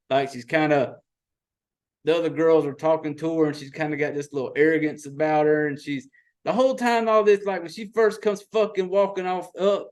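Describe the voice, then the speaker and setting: Profane, ranting man, high voice. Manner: profane, exasperated, animated storytelling. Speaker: podcast host. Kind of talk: casual movie recap rant.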